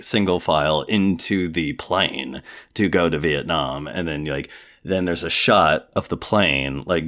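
A man with a deep yet fairly bright voice co-hosts a podcast, casually chatting as he rambles through a long story, filling his speech with "like".

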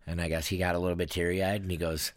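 A man's voice: low-pitched, flat delivery, quick pace, no echo, studio quality. A man in casual chat, telling anecdotes with frequent laughter and acting out other people's voices.

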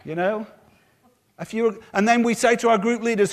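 Here a pastor delivers an energetic sermon, his voice pitched high for a man. His speech is quick and loose, and he acts out others' quotes by slipping into little character voices.

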